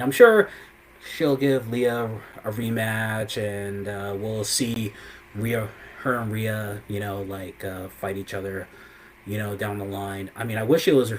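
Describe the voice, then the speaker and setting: A man's voice: on the low side, slight background noise, poor audio. A man hosting a live show who recaps events in a casual, rambling way, full of "you know" and "I mean.".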